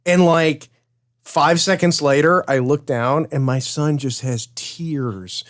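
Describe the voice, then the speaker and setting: Man, father, podcast co-host, casual chat, slightly high pitch, easygoing, laughs along. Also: slow. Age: adult, a father.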